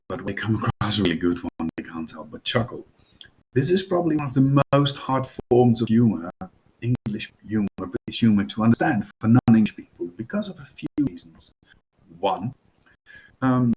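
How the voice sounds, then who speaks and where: A man's voice: on the low side, slight background noise, low-quality recording. A man with a Dutch accent, a teacher talking a class through a subject in a chatty, informal way with fillers and asides. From Netherlands. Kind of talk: classroom explainer narration.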